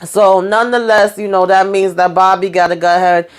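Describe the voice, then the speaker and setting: A woman's voice: mid-range voice, little pitch movement, clean tone. A woman casually recapping a TV episode, chatty and colloquial, with fillers and mild cursing, acting out the characters' lines. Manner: acts out characters' lines in quick voices. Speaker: TV recap vlogger.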